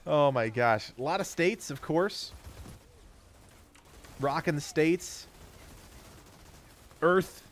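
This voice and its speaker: A man's voice: a little high, a bit bright. A man streaming a game live, chatting casually and reading out where his viewers are tuning in from. He has kids. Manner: upbeat, reads viewer names in a quick rattled list. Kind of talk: casual live-stream chat while gaming.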